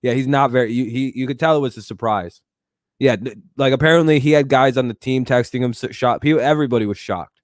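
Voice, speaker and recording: A man's voice: medium pitch, fast, no echo, studio quality. A man hosting a casual live sports talk stream. He talks back to his chat and swears freely. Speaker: streamer host.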